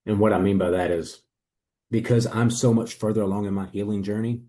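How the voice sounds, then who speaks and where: A man's voice: lowish voice, steady tone, a little fast, mellow. A man in a testimonial interview, earnestly and reflectively telling his own story as a coaching client.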